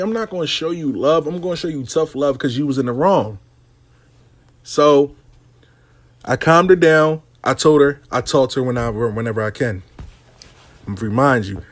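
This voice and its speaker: A man telling a comic personal story in a blunt, profane, animated way. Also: fairly high pitch.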